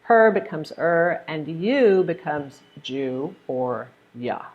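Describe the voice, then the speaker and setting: An American woman teaching pronunciation in an online webinar, modeling phrases slowly and deliberately and encouraging her students. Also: low voice, lively intonation, phone-quality sound.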